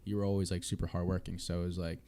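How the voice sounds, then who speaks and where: A man's voice: low-pitched, little pitch movement, racing, mellow, a little hiss or hum. A man, hosting a podcast in loose, rambling casual chat full of fillers. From Philadelphia. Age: 20s. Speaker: podcast host.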